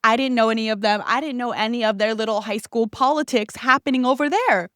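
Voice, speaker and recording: A young woman hosting a podcast, telling a story in a casual, animated way, swearing freely and acting out the people she quotes. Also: on the high side, fast, dry recording, studio quality. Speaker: podcast host.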